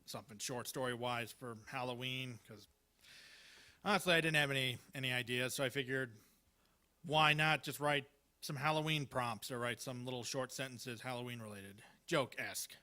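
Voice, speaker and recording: A man's voice: medium pitch, steady tone, moderate pace, bright, forceful tone. A man performing at an open mic, reading Halloween one-liners in a hesitant, rambling way full of fillers and restarts. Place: small live venue.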